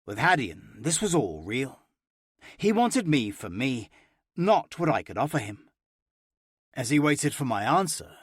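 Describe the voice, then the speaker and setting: A man narrating a first-person romance audiobook with an expressive, playful reading. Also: mid-range voice, husky, no room sound, clean studio sound.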